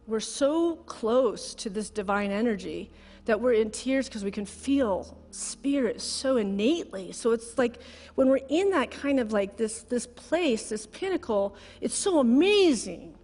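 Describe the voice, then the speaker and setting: Heartfelt woman with a gravelly edge. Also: a little high, darkish tone. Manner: heartfelt, conversational, near tears. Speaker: guest speaker. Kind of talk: sermon with personal story. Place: large church sanctuary. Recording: long hall reverb.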